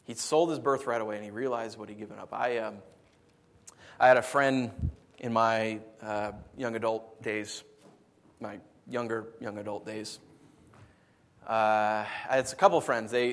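A man preaching a sermon as a pastor. He speaks in an animated, conversational way and often repeats words as he restarts his sentences. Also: lowish voice, normal speed.

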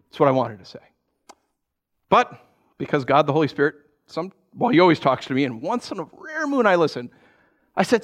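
Male pastor, storytelling sermon, lively swooping delivery, slightly high voice, acts out the dialogue. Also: normal speed. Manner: animated, acts out dialogue in his stories; conversational, asks the audience "right?".

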